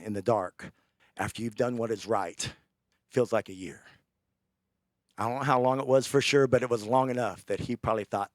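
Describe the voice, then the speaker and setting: A man preaching a sermon, telling a scripture story with animated, acted-out character lines. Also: on the low side, no room sound, clean studio sound.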